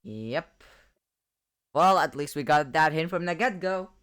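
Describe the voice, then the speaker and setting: A reaction video host talks in loose, casual commentary. Filler words and self-corrections are constant. The pitch swings lively throughout. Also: a little slow, smooth.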